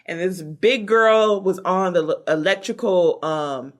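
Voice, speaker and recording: A woman co-hosting a casual gossip chat, talking with animated energy and laughing often. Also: measured pace. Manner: animated, laughing, acts out quotes in high squeals. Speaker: co-host.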